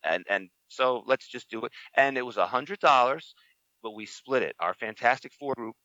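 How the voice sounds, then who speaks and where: A man's voice: medium pitch, moderate pace, sharp tone, dry recording, lo-fi sound. A middle-aged man chatting as a podcast co-host, telling stories about himself in a wry, self-deprecating way. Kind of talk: casual chat.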